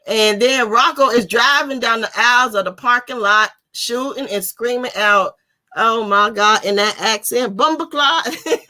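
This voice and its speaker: A woman's voice: a little high, sharp tone. A woman hosting a live book discussion, chatting casually with slang and frequent laughter.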